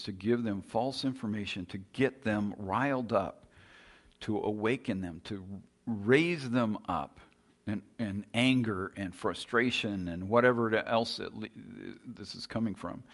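A man preaching a sermon in an earnest, emphatic way, moving between quiet passages and loud, raised points. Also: lowish voice.

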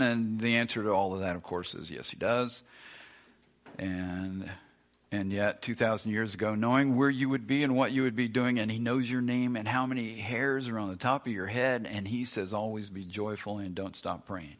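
A man's voice: lowish voice, steady tone, moderate pace. A man preaching a sermon with emphatic, repeated lines. He acts out the complaints of doubting listeners along the way. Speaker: pastor.

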